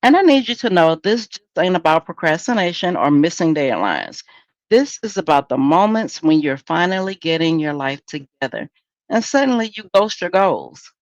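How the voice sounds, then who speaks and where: A woman's voice: fairly low pitch, big pitch swings, moderate pace, no echo, dull audio. A woman hosting a solo podcast in a candid, conversational, preachy way. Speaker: podcast host.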